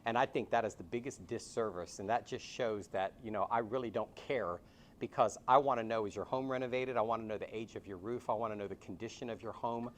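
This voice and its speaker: A man leading a real estate sales training, role-playing his pitch to home sellers and telling stories with animation. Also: fairly quick, slight background noise. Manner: animated storytelling.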